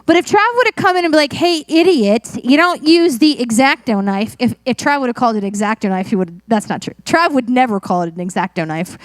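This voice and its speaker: A woman's voice: sits high, no echo. A middle-aged woman pastor preaching a sermon in a chatty, self-mocking storytelling way.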